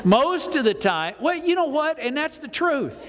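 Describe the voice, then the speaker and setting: An older man preaching a folksy, animated sermon to his congregation. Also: very high voice, measured pace. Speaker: pastor. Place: church sanctuary. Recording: reverberant church hall.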